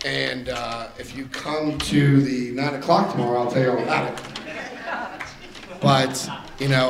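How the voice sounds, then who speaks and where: Older man, lively storyteller, speaking to a meeting room, mid pitch, laughs as he talks. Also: a little slow, gravelly, a crowd in the background. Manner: animated storyteller who acts out dialogue and laughs often. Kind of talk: personal testimony to a group.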